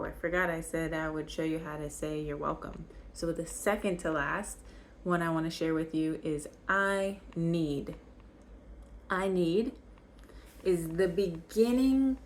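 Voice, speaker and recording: A young woman in a calm vocabulary lesson, repeating each word slowly and patiently. Her voice sits a little low and her pace is unhurried throughout. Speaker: French teacher.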